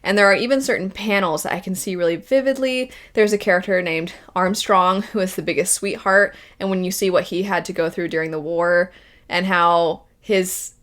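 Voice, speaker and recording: A woman's voice: fairly low pitch, fairly even intonation, moderate pace, a bit bright. Gushing woman rambling about favorite stories. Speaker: video essay host. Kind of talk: casual enthusiastic commentary.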